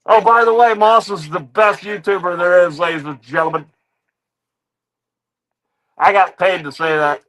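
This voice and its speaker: A man with a high voice and fairly even intonation hosts a reaction stream, speaking at normal speed with long pauses. He mocks people in a rant, repeating the catchphrase "ladies and gentlemen" over and over. The recording quality is low.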